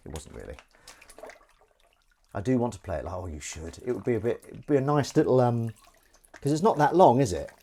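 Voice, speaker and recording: A man's voice: medium pitch, sing-song, a little fast, long pauses, warm tone. A man, an actor, chatting loosely and self-deprecatingly to live-stream viewers while he does the washing up in his kitchen. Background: faint running water and dish clatter.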